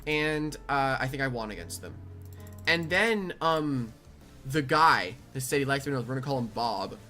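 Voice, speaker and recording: Young adult rambling thru a storytime, bright voice, pitch jumps all over, faint music behind. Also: measured pace. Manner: rambling, animated, restarts often. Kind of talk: casual storytime over gameplay.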